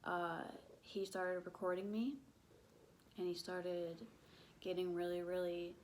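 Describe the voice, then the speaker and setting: A young woman tells a painful personal story on camera, slow and halting, padding her sentences with "like" and swearing when upset. Her voice sits on the low side, and a faint room hum runs underneath. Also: flat delivery. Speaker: vlogger. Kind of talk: emotional storytime.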